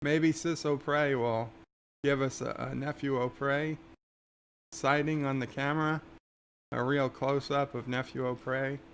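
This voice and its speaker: Gravelly man hosting a casual livestream. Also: medium pitch, steady tone, unhurried, slight background noise. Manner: reads viewer chat aloud, chatty with frequent restarts. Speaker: livestream host.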